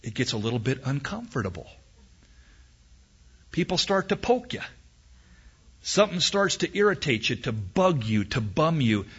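A man preaching a sermon, telling an animated story and acting out sounds and voices, in a husky voice on a dull, lo-fi recording. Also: mid-range voice, moderate pace, long pauses.

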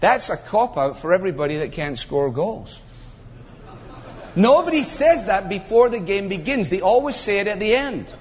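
Older male pastor, bright high voice, emphatic sermon delivery with dry humor, muffled hall recording. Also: normal speed, a little hiss or hum. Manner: emphatic, builds to animated climaxes, wry humor. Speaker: preacher. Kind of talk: expository sermon. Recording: muffled sound with long hall reverb.

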